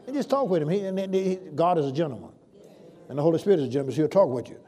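A man preaching a sermon, dwelling on scripture verses and building to loud, drawn-out emphasis. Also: fairly high pitch, expressive. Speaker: pastor.

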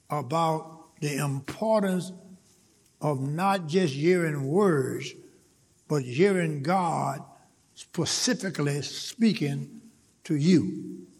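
Preacher, male, slow deliberate delivery, high husky voice, church reverb. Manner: repeats words, builds to emphatic preaching. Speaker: pastor. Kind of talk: sermon.

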